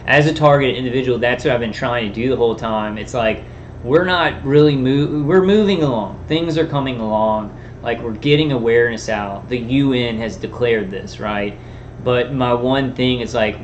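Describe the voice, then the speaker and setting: A man talking in a halting, rambling monologue, full of restarts and fillers. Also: mid-range voice, a little hiss or hum. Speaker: vlogger. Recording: dull lo-fi sound.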